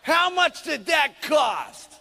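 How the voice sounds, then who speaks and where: A man doing a shouting, scornful husband. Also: very high-pitched, animated, a little slow, vocal fry, breathy edge, full character voice. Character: grumpy negative husband, loud and scornful. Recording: long hall reverb.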